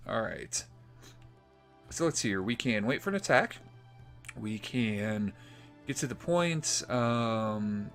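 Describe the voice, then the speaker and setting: A man's voice: fairly low pitch, lively intonation, takes it slowly, long pauses, a bit bright, soft background music. Man giving casual game commentary. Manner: casual, rambling with fillers and restarts. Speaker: gaming channel host. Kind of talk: let's play commentary.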